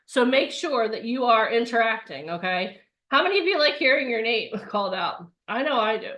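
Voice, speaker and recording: A woman's voice: on the high side, animated, moderate pace, fairly bright tone, muffled recording. A woman coaching an online bootcamp, talking in an upbeat, chatty way and acting out the voices of people's inner thoughts. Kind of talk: live online workshop talk.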